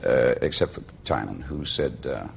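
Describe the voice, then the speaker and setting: A middle-aged Welsh man and actor, telling stories in a slow, measured, eloquent way as a talk show guest. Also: a bass voice, animated, vocal fry, a little hiss or hum. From Wales.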